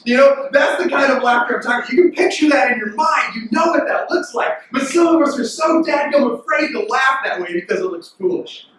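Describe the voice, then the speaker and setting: A man preaching a lively, joking sermon to teenagers, with sudden loud outbursts when he acts out reactions. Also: extremely high pitch, a little fast, hardly any pauses. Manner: animated and jokey, bursts into loud mimicking. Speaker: youth pastor. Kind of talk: youth sermon. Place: large echoey worship hall. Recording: distant mic in reverberant hall.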